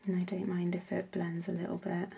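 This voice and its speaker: A woman hosting a painting tutorial, chatting casually as she works and often dropping into soft whispers. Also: on the low side, little pitch movement, a little fast, creaky, husky. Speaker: art workshop host.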